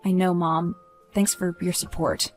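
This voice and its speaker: A woman voicing a stressed teenage high school boy who talks tensely and pleads, then snaps into anger. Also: level tone, measured pace, soft background music, lightly acted.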